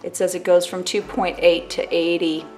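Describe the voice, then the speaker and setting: A woman's voice: fairly low pitch, flat delivery, moderate pace, a little mellow, roomy sound, soft background music. A woman vlogging at home in casual chat to camera, chatty and self-mocking, full of "like" and "totally".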